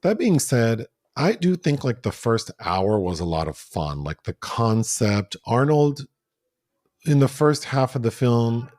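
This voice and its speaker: A man co-hosting a film review podcast in casual chat, animated and acting out lines from the movie. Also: medium pitch, a little slow, dry recording, clean studio sound. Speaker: podcast co-host.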